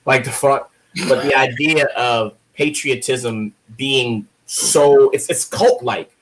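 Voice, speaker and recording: A guest poet from Baltimore, USA, speaks at medium pitch in an unhurried way, with poor audio quality. Chatting casually in an interview, he's a lively storyteller telling joking, profane stories.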